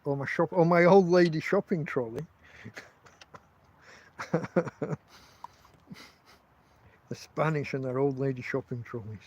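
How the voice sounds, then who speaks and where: English man, high voice, casual livestream monologue, rambling and swearing, talking from a tent. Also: slow, long pauses, a little mellow, highs cut off, slight background noise. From England. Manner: rambling, profane storytelling with frequent restarts. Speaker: podcast host.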